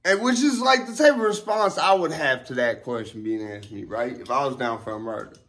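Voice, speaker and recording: A man's voice: mid-range voice, a little fast, a bit bright. A young man rambling through heated casual commentary, full of profane street slang, restarts and fillers, getting emphatic when riled up. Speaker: vlogger. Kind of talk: casual ranting commentary to camera.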